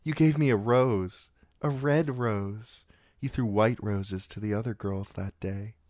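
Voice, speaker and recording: A man voicing an earnest young highborn girl, soft and hesitant, in a storybook reading. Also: a little slow, dry recording, studio quality, natural voice. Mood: wistful.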